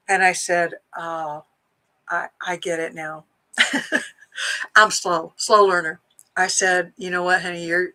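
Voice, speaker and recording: A middle-aged woman, a psychic medium, chatting to viewers and telling a personal story in a lively way, acting out the lines she quotes. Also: lowish voice, rough recording.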